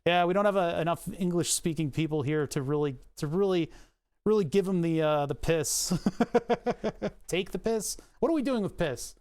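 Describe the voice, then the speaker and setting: A man's voice: on the high side, moderate pace, darkish tone, clear, resonant tone. A man casually chatting to his livestream chat while working on a design, rambling with joking asides and self-mocking laughs. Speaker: streamer.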